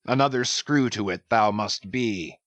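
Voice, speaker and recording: A man's voice: lowish voice, a little slow, fairly bright tone, dry recording. A man playing a grim, obsessed old one-legged sea captain, speaking sternly in archaic words. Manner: solemn, stern, archaic speech. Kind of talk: dramatic audiobook reading.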